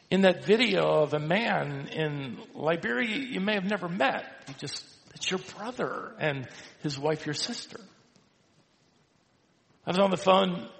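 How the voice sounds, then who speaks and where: A man pastor preaching a sermon, his gravelly voice rising and falling with lively swings. He drives his points home with emphatic repetition and light asides. The sound carries a long reverb from the church hall. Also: a little high. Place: church sanctuary.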